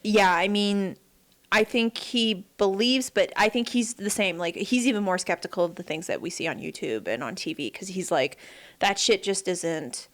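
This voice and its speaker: A woman's voice: mid-range voice, animated, moderate pace. A woman co-hosting a podcast, telling stories in casual chat, acting out quotes, laughing often and swearing freely. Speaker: podcast co-host.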